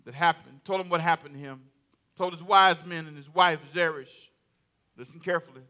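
A man preaching a sermon in a lively, conversational way, with comic asides and repeated phrases. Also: on the high side, a little fast. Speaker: pastor.

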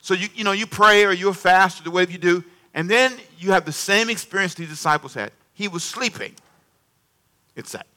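Animated high-voiced bright male preacher. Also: normal speed. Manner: animated, call-and-response with congregation; acts out dialogue with varied volume. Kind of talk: sermon.

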